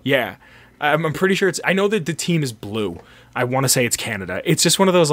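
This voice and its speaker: A man's voice: fairly high pitch, lively intonation, fast talker, a bit bright, dry recording. A man co-hosting a podcast, rambling casually and profanely about an old movie and acting out its lines. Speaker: podcast co-host. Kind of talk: casual movie review chat.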